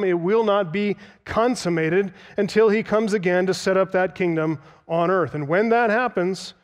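A man's voice: high-pitched, in a large hall. A man preaching an expository sermon, emphatic, explaining Greek words and quoting older writers. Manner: emphatic, explains Greek terms and cites sources. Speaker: pastor.

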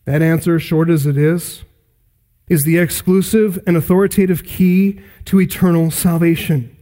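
A man preaching an expository sermon, emphatic, rising loud and high on key points. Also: fairly even intonation, moderate pace. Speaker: pastor.

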